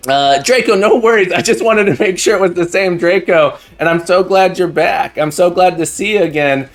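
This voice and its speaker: A man's voice: sits high, normal speed. Effusive male streamer over faint music. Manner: effusive, grateful, rambling with restarts. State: getting emotional. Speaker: streamer greeting chat. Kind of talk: casual live-stream chat. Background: faint background music.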